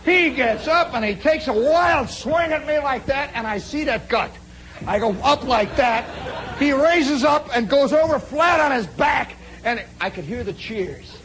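A storyteller delivers a long, dramatic personal yarn in a spoken monologue, his voice high for a man, expressive and measured in pace. He shifts between loud, punchy bursts and quiet asides, often turning to the listener. The audio is poor, with a faint hiss beneath his voice.

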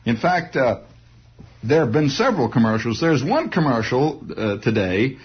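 A man doing a rambling comic monologue, animated, with restarts and vocal sound effects, on a dull lo-fi old recording. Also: medium pitch, normal speed, husky. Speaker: comedian.

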